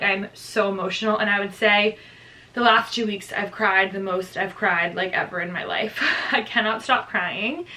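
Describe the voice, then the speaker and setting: A woman's voice: mid-range voice, sharp tone, distant mic, low-quality recording. A young pregnant woman chatting casually in a vlog update, reading from her notes with lots of "like". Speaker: vlogger.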